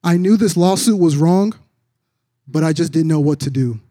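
High-voiced male pastor preaching. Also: normal speed, warm tone, dry recording, clean studio sound. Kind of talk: sermon.

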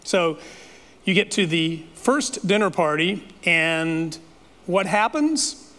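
A man's voice: high voice, animated, slow, pushed and bright. A man preaching a sermon, retelling a story in a dramatic, playful way with asides to the listeners. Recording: long reverb of a large hall.

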